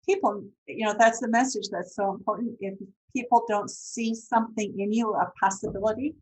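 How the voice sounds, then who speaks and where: A woman's voice: mid-range voice, steady tone, brisk, a little hiss or hum, poor audio. A woman hosting a podcast interview, speaking in an earnest, reflective way. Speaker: podcast host. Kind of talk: interview conversation.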